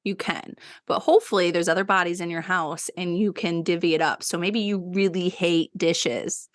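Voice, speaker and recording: A woman co-hosting a podcast in casual chat, calmly explaining things step by step. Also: lowish voice, moderate pace, dry recording. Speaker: podcast co-host.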